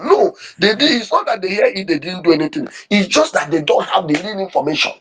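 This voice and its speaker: A fervent man with a husky, raspy tone and a high voice for a man. He delivers impassioned commentary, repeats phrases and stumbles over restarts as he pushes his point. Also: lively intonation, fast talker, few pauses, a bit bright. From Nigeria. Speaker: online commentator.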